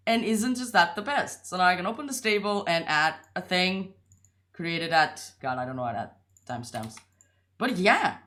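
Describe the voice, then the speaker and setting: A woman's voice: fairly low pitch, fairly bright tone. A young woman talking casually through a coding tutorial, chatty and rambling, with a lot of "like" and some self-deprecating jokes. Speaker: tutorial host.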